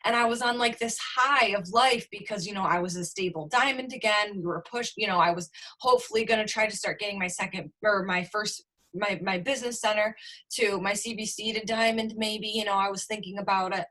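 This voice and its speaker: A woman's voice: mid-range voice, fairly quick, fairly bright tone. A young adult woman, a business coach, candidly telling a personal story on a team video call, swearing freely and leaning on "like".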